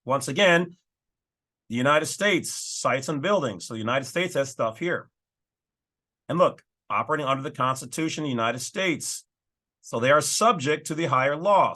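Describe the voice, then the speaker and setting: A man's voice: mid-range voice, bright, forceful tone. A man hosting his own channel, casually talking through and reading legal documents with folksy, emphatic asides. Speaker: channel host.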